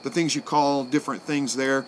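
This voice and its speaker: A man, hosting a live stream and answering viewer comments in a relaxed, folksy way that thinks out loud. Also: medium pitch, moderate pace, slight background noise. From Southwest Missouri, USA. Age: 40s.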